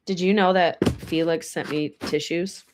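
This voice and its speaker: A woman's voice: lowish voice, steady tone, measured pace, noisy background. Woman host, casual livestream chat, emotional and teary, talks to viewers by name. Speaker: horse ranch livestreamer. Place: indoors with air blowing.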